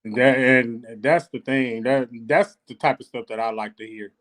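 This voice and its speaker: A man's voice: mid-range voice, steady tone, moderate pace, fairly bright tone. A man who is a guest on a casual live podcast, speaking in an earnest, encouraging way. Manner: earnest and encouraging, with churchy turns of phrase.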